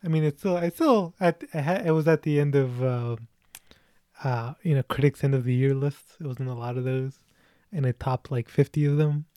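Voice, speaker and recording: A man's voice: medium pitch, moderate pace, dark tone, dry recording. Young man, movie chat host, lots of ums and laughs, dry close sound. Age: 20s. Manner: chatty, laughs often, many fillers. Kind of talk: casual chat.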